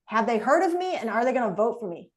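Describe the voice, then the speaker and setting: A woman trainer leading an online session, talking in a lively, conversational coaching tone over a video call. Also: a little high, quick pace.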